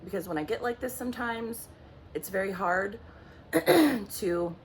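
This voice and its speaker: A woman speaking as a psychic medium at home, talking in an intense, halting way with angry bursts and many restarts. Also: medium pitch, animated, a little hiss or hum. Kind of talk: emotional spoken monologue.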